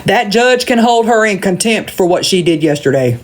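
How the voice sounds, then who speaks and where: Southern woman livestreamer, heated profane rant into a phone, medium pitch, blunt and repetitive. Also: animated, normal speed. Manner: profane, blunt, repeats points for emphasis.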